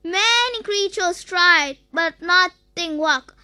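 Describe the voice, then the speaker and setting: A storyteller reading a children's story in a sing-song, animated way. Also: very high-pitched, slow pace, no room sound.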